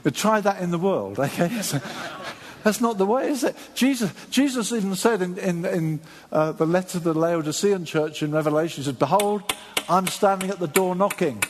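A man preaching a sermon, lively and animated, acting out the voices of the people he quotes. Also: high-pitched, fairly quick, in a large hall, slight background noise.

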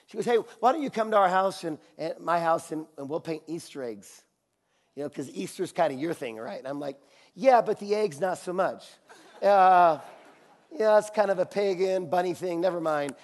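A man delivers a sermon in a fairly high voice, spinning a personal story with lively acted-out dialogue. He laughs readily and drops to a hushed, earnest tone when the story turns serious. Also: normal speed. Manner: animated, acts out voices in his anecdotes, laughs often; drops to a quiet, low, intimate tone for serious parts. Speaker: preacher.

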